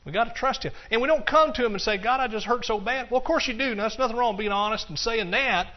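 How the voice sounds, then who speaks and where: A man's voice: very high-pitched, fast talker. A man preaching a sermon, emphatic and telling a story, with frequent restarts. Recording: dull lo-fi recording.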